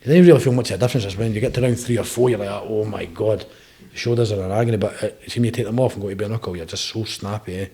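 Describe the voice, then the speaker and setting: On a podcast, a young man from Scotland, a bare-knuckle boxer, chats casually in an interview, racing through meandering stories punctuated by "eh?". His voice is on the low side, gravelly yet warm.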